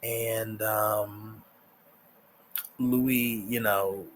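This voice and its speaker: A man with a fairly low voice recaps a TV episode in a loose, rambling way. He keeps stopping to fill gaps and restart his sentences. There is a faint hiss of noise behind him. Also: fairly even intonation, drawn-out words. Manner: rambling, many fillers. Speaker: TV show reviewer.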